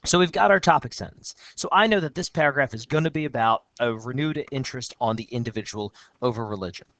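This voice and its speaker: In a recorded screen-walkthrough lesson, an upbeat male teacher reads passages from a student essay and remarks on them. He talks fast, with a mid-range, fairly bright voice and no echo.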